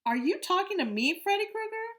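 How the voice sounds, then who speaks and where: A woman's voice: very high-pitched, very animated, fairly quick, a bit bright, pitched above the performer's own voice, full character voice. A woman voicing a big teenage bully who taunts and sneers. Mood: taunting. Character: menacing bully boy, older teen.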